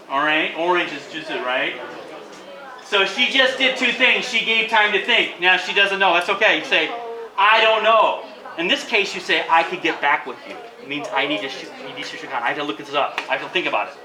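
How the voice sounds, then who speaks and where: A man teaching English to a class in an animated way, mixing in Chinese to explain phrases. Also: a little high. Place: school classroom with students. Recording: echoey room, distant mic, class noise.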